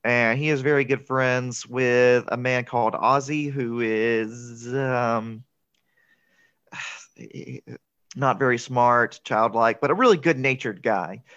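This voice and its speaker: A man's voice: medium pitch, slow pace, clean tone, no room sound. Brief: male podcast co-host, chatty film recap, dull dry lo-fi recording. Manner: chatty, laughs often, quotes lines in excited voices. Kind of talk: casual movie recap chat.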